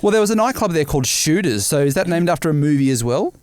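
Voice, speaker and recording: A man's voice: fairly high pitch, animated, quick pace, darkish tone, dry recording, clean studio sound. A man co-hosting a podcast, asking easygoing questions in casual chat. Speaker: podcast co-host.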